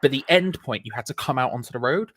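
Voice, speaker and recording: A young man talks fast in a mid-range voice, animatedly spinning a long, casual story. He swears often and acts out voices along the way.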